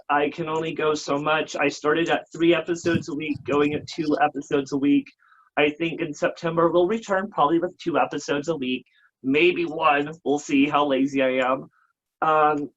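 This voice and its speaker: A man's voice: fairly high pitch, a bit bright. A man in his thirties with an American accent, a drag queen talking campy and emotional, mixing crude jokes with heartfelt thanks. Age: 30s. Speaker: drag queen talk show host, guest. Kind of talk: casual interview chat. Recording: dull lo-fi sound.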